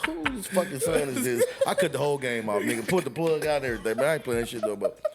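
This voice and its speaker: A man co-hosting a casual sports podcast, telling animated, profane stories and laughing often. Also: mid-range voice, rapid-fire. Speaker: podcast co-host.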